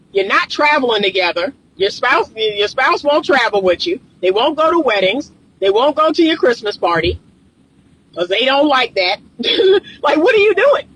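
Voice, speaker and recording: A woman's voice: high voice, a bit bright, rough recording. A woman relationship coach giving emphatic advice straight to the viewer, hammering points home in repeated lists. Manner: emphatic, repetitive lists, preacher-like cadence. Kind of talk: direct-to-camera advice talk.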